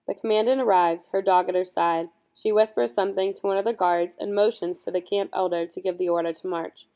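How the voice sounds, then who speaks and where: A woman reading a first-person audiobook in scripted narration, measured and earnest. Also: on the low side, steady tone, darkish tone.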